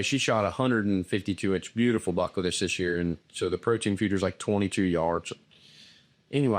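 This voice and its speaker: A man casually telling a bow hunting story, plain and a little halting. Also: fairly low pitch. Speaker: outfitter guest.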